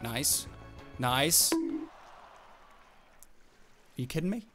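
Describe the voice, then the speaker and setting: A young man commenting on his own gameplay, animated and quick to exclaim and laugh. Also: mid-range voice, music in the background. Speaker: gaming YouTuber.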